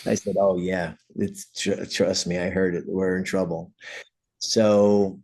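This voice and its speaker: A middle-aged man from New York City, a punk singer, telling an animated backstage story with swearing and acted-out voices. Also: low-pitched, measured pace. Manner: animated anecdotes, acts out quoted voices, swears freely. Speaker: guest, punk band vocalist. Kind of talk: casual storytelling.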